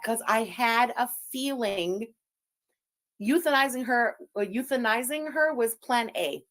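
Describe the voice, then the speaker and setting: A woman's voice: fairly high pitch, a little slow, a bit bright. A woman whose first language is French, hosting a livestream and ranting in a profane, mocking, combative way while reacting to clips. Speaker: streamer commentator.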